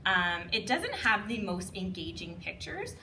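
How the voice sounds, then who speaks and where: With big pitch swings in a bright, forceful mid-range voice, she leads a chatty demo at a measured pace as a communicative disorders assistant. She says "um" often, laughs lightly, and breaks into sing-song read-aloud voices, while a little hiss or hum runs underneath.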